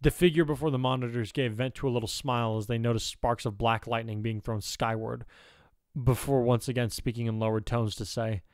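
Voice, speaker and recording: A man's voice: mid-range voice, fairly even intonation, fairly quick, smooth, dry recording, studio quality. Man narrating a fan fiction audiobook.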